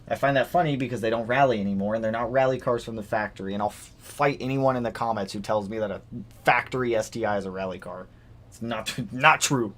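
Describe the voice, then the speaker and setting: A young man hosting a casual livestream about cars, animated as he reads donations and reacts to news. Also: lowish voice, fast. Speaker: livestream host.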